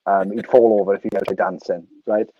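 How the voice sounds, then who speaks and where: A man's voice: low voice, fairly quick, no room sound, dull audio. Sweary Welsh man telling a story. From Wales. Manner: animated, sweary, laughs through anecdotes. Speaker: podcast guest. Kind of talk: casual storytelling.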